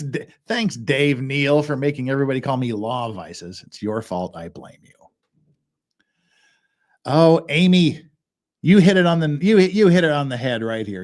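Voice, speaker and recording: A man hosting a legal commentary show, talking casually in a rambling way with restarts and chuckles. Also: mid-range voice. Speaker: host of a legal commentary channel.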